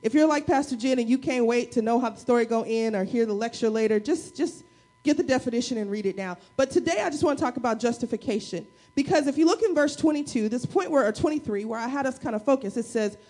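A woman pastor preaching a sermon to her church, energetic, with call-and-response and playful asides. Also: a little high, quick pace. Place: church service.

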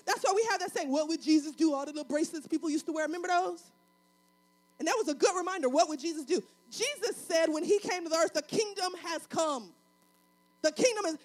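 A woman pastor preaches a sermon in a colloquial, folksy way, swinging between loud, fervent passages and quiet, intimate talk. Her voice is very high and she speaks fast.

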